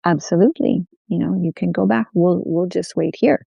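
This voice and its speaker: A woman's voice: fairly low pitch, moderate pace, creaky, breathy edge, no echo, lo-fi sound, full character voice. A woman storyteller voicing a young man who tends horses, speaking earnestly and plainly.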